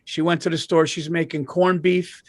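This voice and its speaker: Guy with a high-ish voice rambling through a funny story on a podcast, dry close mic, swears a lot. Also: moderate pace, no room sound. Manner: animated storytelling, swearing, frequent restarts. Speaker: podcast co-host. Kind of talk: casual comedic chat.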